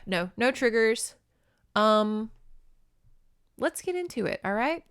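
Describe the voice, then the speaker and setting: A woman's voice: medium pitch, a bit bright, smooth, dry recording, studio quality. Chatty young woman with a twang. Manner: chatty, swearing, giggly. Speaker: podcast host. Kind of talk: casual book recap podcast.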